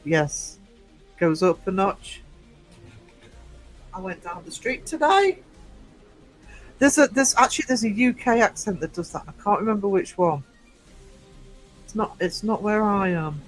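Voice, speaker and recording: A man's voice: sits high, poor audio. A man with a Northeast English accent, hosting a casual livestream and chatting to viewers in a rambling, teasing way. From England. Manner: chatty and rambling, teasing the chat with frequent fillers. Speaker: livestream host. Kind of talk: casual livestream chat answering viewer comments.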